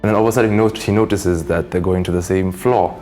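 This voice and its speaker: Deep-voiced young man telling stories. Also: fast, faint music behind. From East Africa. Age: young adult. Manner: animated storytelling with acted-out voices. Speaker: guest. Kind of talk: casual interview chat.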